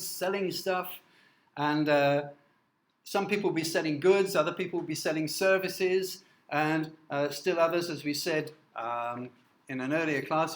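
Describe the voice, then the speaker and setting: Man from northern England, university lecturer, slightly high voice, halting lecture, echoey room. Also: a bit bright. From Newcastle, north of England. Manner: halting, many fillers and restarts, checks in with "okay?". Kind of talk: classroom lecture.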